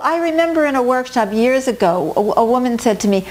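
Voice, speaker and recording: A middle-aged woman teaching a talk on personal growth, animated, often acting out quoted inner voices. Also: sits high, fairly quick, hardly any pauses, slight background noise. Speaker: workshop teacher.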